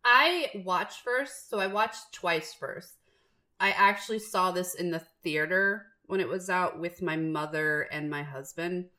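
A woman co-hosting a book podcast, telling stories in animated casual chat and laughing often. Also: on the low side, unhurried. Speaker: podcast co-host.

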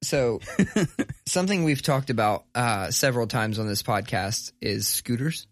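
A man's voice: mid-range voice, unhurried, no room sound. A young adult man hosting a podcast, telling stories in a casual, profane, laid-back way and laughing as he goes. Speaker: podcast host. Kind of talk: casual storytelling chat.

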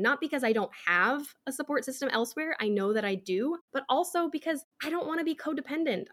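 A young adult woman hosting a solo podcast, talking in a calm, reflective and open way about her own habits. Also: fairly high pitch. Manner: calm, reflective, self-disclosing. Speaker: podcast host.

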